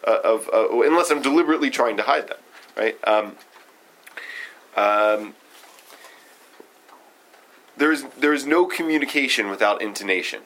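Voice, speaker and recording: A man leading a casual study group discussion, talking in a halting way with many fillers and restarts. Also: medium pitch, lively intonation, fairly bright tone, rough recording. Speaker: discussion leader.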